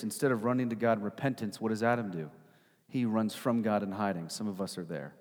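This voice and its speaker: A man's voice: fairly low pitch, quick pace, darkish tone. Emphatic preacher man with echoing hall. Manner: emphatic, rhetorical, tags questions with "right?". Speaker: pastor. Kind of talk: sermon. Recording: long hall reverb.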